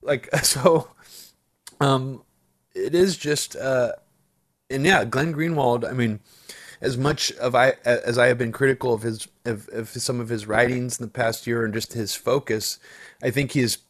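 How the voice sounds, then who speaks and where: A man's voice: mid-range voice, fairly even intonation, unhurried. A man talking politics in casual chat, swearing freely and restarting his sentences as he thinks. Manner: casual, profane, rambling with restarts.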